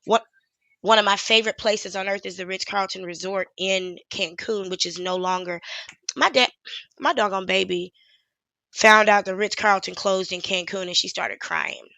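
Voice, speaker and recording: A woman's voice: mid-range voice, fairly even intonation, normal speed, vocal fry, pushed and bright, dry recording. A woman YouTuber in her thirties talking in a casual, rambling livestream chat, frank and swearing freely.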